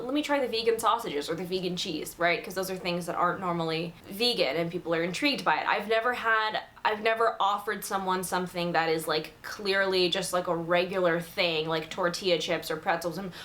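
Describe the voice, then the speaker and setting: A woman's voice: fairly low pitch, a bit bright. A woman talking straight to camera in a casual way, full of "like" fillers and frank opinions. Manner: chatty, filler-heavy, candid opinions. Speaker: vegan video creator.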